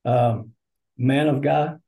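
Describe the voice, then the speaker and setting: A man's voice: mid-range voice, fairly even intonation, slow, dark tone. A middle-aged man, an assistant basketball coach, talking earnestly and getting fired up in a podcast interview.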